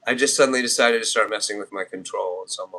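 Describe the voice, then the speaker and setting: A man's voice: on the low side, quick pace, bright, forceful tone. A man in his fifties chatting casually on a live stream, laughing often and answering chat comments. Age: 50s. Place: home, near a trailer.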